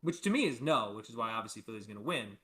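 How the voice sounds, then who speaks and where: Animated young man talking football. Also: medium pitch, quick pace. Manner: animated, argumentative, many fillers. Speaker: sports podcast co-host. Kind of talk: casual sports chat.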